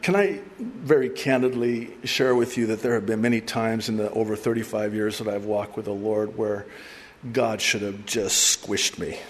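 A middle-aged male pastor giving a conversational, animated sermon with asides and laughter. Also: fairly low pitch, in a large hall. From raised by an Arab mother.

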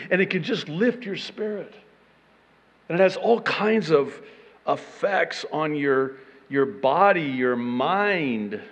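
A man delivers a sermon at an unhurried pace, his voice a little high for a man. He talks animatedly and pokes fun at himself, often breaking off to restart a sentence. The sound is muffled, with a long, hall-like reverb. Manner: animated and self-deprecating, with frequent restarts. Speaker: pastor.

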